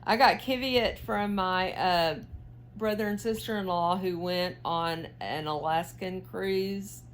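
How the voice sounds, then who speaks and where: A woman's voice: lowish voice, slow pace, slight background noise. A woman, chatting casually to her viewers while she knits, full of fillers and questions and a little tired. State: yawning, tired. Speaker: knitting vlogger. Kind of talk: casual chat while knitting.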